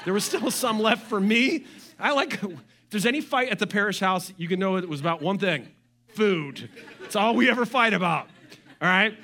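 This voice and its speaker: A middle-aged man preaching a sermon as pastor, animated, with joking asides and quoted voices. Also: sits high, moderate pace.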